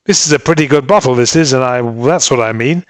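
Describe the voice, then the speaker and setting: A man voicing a rough, boastful drunken sailor who blusters and threatens. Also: mid-range voice, fast, no echo, natural voice. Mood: drunk defiant.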